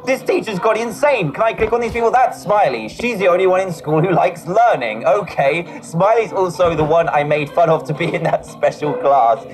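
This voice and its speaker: A man's voice: high voice, normal speed, hardly any pauses. A man playing a game and commenting, reading its text aloud with jokes to himself. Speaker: gaming video host. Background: background music.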